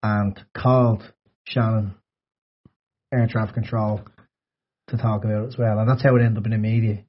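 A man in a casual podcast chat, explaining events in a measured, matter-of-fact way. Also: lowish voice, little pitch movement. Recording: dull lo-fi audio.

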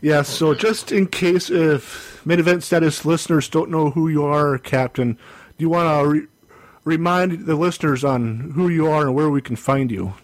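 Man, podcast host, easygoing and a bit high-voiced, dry close mic. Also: moderate pace, no echo. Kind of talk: casual podcast chat.

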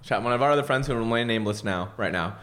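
A man's voice: mid-range voice, fast, a bit bright. An American man co-hosting a podcast, trading wry, laid-back banter. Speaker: podcast co-host. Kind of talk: casual comedic chat.

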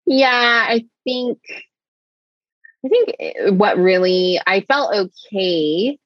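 A woman's voice: mid-range voice, expressive, slow, no echo, muffled recording. A woman from the United States, a guest on an interview show, retelling a frightening personal story in vivid, breathless detail, full of "like" fillers.

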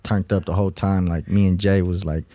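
Low-voiced guy rapping about his music casually, lots of slang, dry close mic. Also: steady tone, a little fast, warm tone, no room sound. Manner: laid-back slangy talk, frequent "like". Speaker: rapper guest. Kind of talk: casual podcast chat.

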